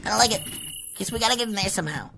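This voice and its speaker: Talking very fast and expressively in a mid-range voice, a young gaming channel host comments as she explores her let's play, shrieking whenever something scares her, and she startles easily. The recording is low quality, with faint game music behind.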